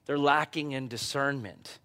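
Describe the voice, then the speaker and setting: A middle-aged man preaching a conversational sermon, growing animated as he tells personal stories. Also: mid-range voice, measured pace, clean tone. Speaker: pastor.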